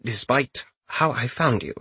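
A man voicing a formal, loyal male chamberlain who speaks in a low, measured, deferential way. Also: expressive, pushed and bright, slightly rough, no echo, heavily acted. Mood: grave.

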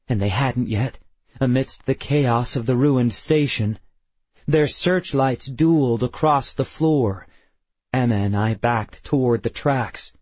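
A man narrating a first-person audiobook in a measured, unhurried manner. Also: mid-range voice, a little mellow, breathy edge, no echo. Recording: dry, slightly dull studio.

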